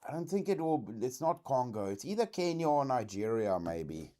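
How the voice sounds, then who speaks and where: South African man, streamer host, casual reaction chat, lively swooping pitch, slangy, keeps saying dude. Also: moderate pace, slight background noise. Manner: animated, slangy, says dude a lot, swears.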